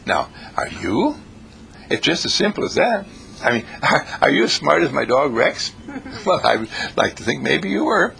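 A man giving a rambling, anecdotal spiritual talk who swings his pitch up and down for emphasis. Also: wildly swooping pitch, moderate pace, gravelly, pushed and bright. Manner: storytelling, swings pitch for emphasis, laughs at himself.

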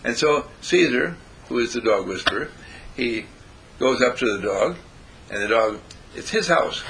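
Male storyteller, animated, acts out quotes, bright tone, faint background noise. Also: medium pitch, a little slow, rough recording. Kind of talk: storytelling talk with moral.

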